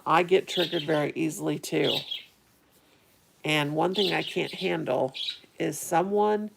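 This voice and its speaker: A woman's voice: low voice, vocal fry, noisy background. A middle-aged woman, rambling casually to her live-stream viewers and answering their chat. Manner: rambling, chatty, talks to viewers. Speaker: vlogger reading live chat.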